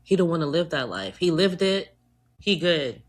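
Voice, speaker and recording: A Trinidadian American woman co-hosting a podcast in casual chat, animated and joking, swearing freely. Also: fairly low pitch, normal speed. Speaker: podcast co-host.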